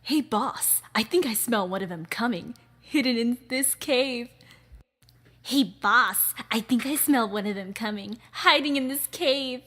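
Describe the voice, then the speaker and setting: A woman voicing an eager henchman who reports to the boss in a loud, raised voice. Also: on the high side, measured pace, voice pushed up.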